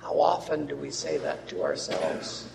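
A man preaching a sermon and reading scripture aloud, who swings between loud emphatic reading and quiet asides. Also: mid-range voice, big pitch swings, measured pace, vocal fry, noisy background. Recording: long hall reverb.

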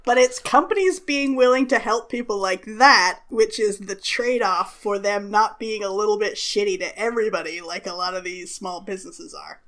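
A woman's voice: mid-range voice, moderate pace, hardly any pauses, a bit bright. Laughing woman, thoughtful chat. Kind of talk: casual podcast chat.

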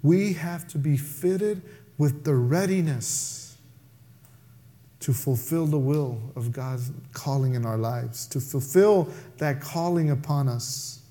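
A man preaching a sermon, telling a story with lively acted-out voices. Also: on the high side, slow. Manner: animated preaching, acts out voices in his story. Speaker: pastor.

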